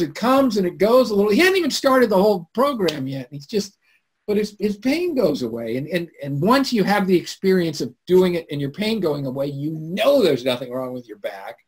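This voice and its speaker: Husky man hosting a live webinar. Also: high voice, moderate pace. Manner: animated storytelling, swinging from loud to hushed. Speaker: webinar host. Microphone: computer mic on a video call.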